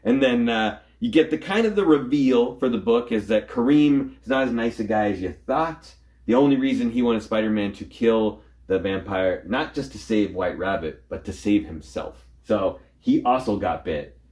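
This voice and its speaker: Low-voiced man rambling through a comic recap. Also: a little mellow. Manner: rambling, acts out characters' lines in quick voices. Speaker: comic book show host. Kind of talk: casual chat recapping a comic.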